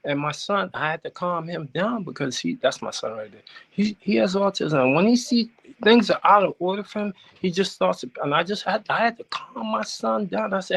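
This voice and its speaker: Animated gravelly-voiced man telling a story. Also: sits high, a little fast, low-quality recording. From United States. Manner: animated, rising sharply when quoting himself. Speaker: caller. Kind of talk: storytelling on a call-in show. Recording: connection breaking up.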